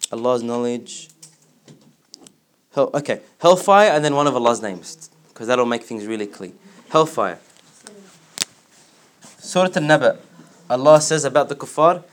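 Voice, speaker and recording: A man teaching a religious class, explaining word by word and asking his students questions, with quick recited verses. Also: mid-range voice. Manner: recites verses in rapid chant.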